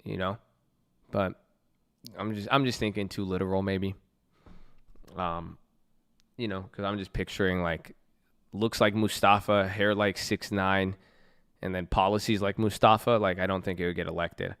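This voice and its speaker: A man's voice: low voice, fairly even intonation, moderate pace, pauses often, fairly bright tone, clear, resonant tone. A young man from Southern California streaming at his computer, chatting casually with viewers in a joking, slangy, profane way. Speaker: live streamer. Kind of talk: casual chat reading viewer messages. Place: at a computer, indoors.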